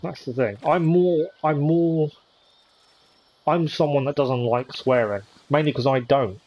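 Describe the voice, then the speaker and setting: A man's voice: a little high, measured pace, darkish tone. A man streaming a game live, chatting casually with viewers in a hesitant way with many ums. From United Kingdom. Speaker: gaming streamer.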